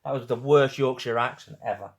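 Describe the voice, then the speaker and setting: A man's voice: mid-range voice, a little fast. Man, northwest English accent, young adult, live-stream host, chatty and teasing, laughs a lot. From St Helens, northwest England. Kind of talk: casual live-stream chat with viewers.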